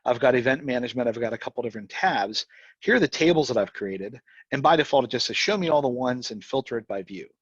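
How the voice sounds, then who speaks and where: Guy rushing through a software demo, kinda husky, muffled dry meeting audio. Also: mid-range voice, expressive, dry recording. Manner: fast, rambling, restarts often. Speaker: presenter. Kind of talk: live software demo talk.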